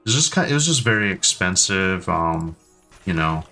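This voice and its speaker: A man's voice: deep voice, sing-song, normal speed, pushed and bright. Chatty man streaming with faint music. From United States. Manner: rambling, hesitant, many ums and restarts. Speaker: game streamer chatting with viewers. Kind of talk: casual live-stream chat.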